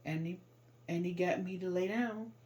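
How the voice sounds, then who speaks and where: A woman's voice: on the low side, moderate pace. A woman telling a painful personal story in raw, emotional, informal speech. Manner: raw and emotional, loud when reliving moments.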